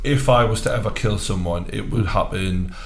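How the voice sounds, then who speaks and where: A man's voice: lowish voice, moderate pace, vocal fry. A man with a Geordie accent hosting a podcast, asking questions in a casual, chatty way. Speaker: podcast host. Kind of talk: casual interview.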